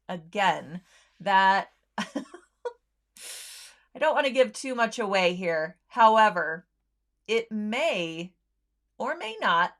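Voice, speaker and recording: Slow-talking chatty woman host. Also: medium pitch, fairly bright tone. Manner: chatty, friendly, many ums, laughs easily. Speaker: host of a sewing livestream. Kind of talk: casual livestream chat with viewers.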